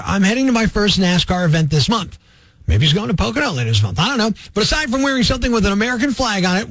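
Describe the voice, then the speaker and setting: High-voiced wisecracking radio host man. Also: dry recording. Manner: wisecracking, energetic, ranting. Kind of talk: radio talk show with callers and rants. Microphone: studio mic.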